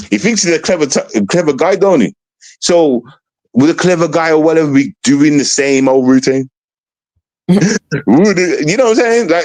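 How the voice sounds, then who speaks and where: A man chats on a live stream in a taunting, profane way. His pitch swings widely as he talks. The sound is dry and close, with no room behind him. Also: dry recording. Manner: taunting, lively, swears a lot. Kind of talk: casual stream chat.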